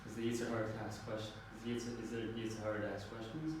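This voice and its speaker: A man in the class asking the teacher hurried questions. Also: on the low side, flat delivery, slight background noise. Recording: far off in an echoey room.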